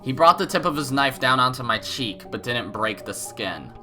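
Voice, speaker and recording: A man's voice: mid-range voice, lively intonation, moderate pace, sharp tone, faint music behind. Man reading game narration with a cold. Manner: casual, jokey asides between reading. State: has a cold. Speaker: let's play host.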